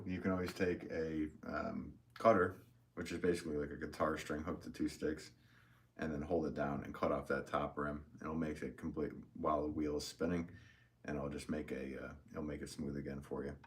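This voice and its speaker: A man's voice: rumbling low, flat delivery, moderate pace. A middle-aged man hosting a live pottery stream, rambling in a friendly way and reading viewers' comments aloud as he shows his pots. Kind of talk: casual live-stream chat and demonstration.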